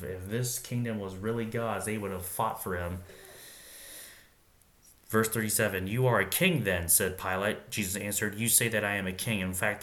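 A man's voice: lowish voice, sharp tone. A man reading Bible passages aloud and stopping to muse informally on what they mean. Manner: reads scripture aloud, then pauses to muse and wonder aloud. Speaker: Bible reader and commentator.

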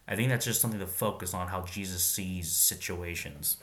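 A man's voice: sits low, fairly bright tone, a little hiss or hum. A man reading Bible passages aloud and stopping to muse informally on what they mean. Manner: reads scripture aloud, then pauses to muse and wonder aloud. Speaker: Bible reader and commentator.

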